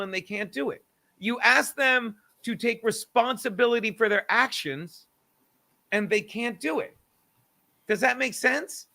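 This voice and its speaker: A man's voice: extremely high pitch, a little slow, creaky. A middle-aged man hosting a casual comedy podcast, ranting and swearing, often laughing at himself. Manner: animated, swearing, argues with self, laughs often. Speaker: podcast host.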